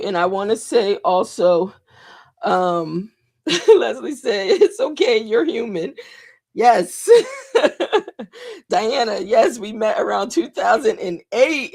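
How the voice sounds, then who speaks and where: A woman's voice: mid-range voice, darkish tone. Heartfelt woman hosting a live show. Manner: emotional, heartfelt, repeats phrases for emphasis. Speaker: host of a live morning show. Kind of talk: live-stream talk to viewers.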